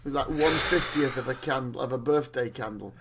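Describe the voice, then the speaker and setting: A man's voice: mid-range voice, a little fast. A man with a mid-range voice co-hosts a casual podcast chat and answers with dry, wry jokes. A faint hiss runs under his voice. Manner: dry, wry reactions and swearing.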